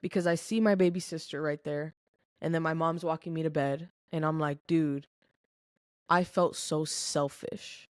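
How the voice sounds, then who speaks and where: A young adult woman's personal testimony unfolds in casual podcast chat, earnest, emotional and candid, with frequent "like" fillers. She speaks at a moderate pace, her low voice holding fairly even intonation. Studio quality, no room sound.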